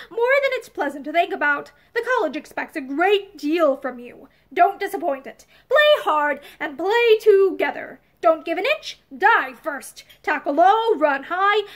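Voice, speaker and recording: A loud, commanding male football coach from an old-time college story bellows his team's names above the din, as a woman reads him aloud. The voice sits high and swoops about with plenty of force. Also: heavily acted. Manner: shouting orders over a noisy room.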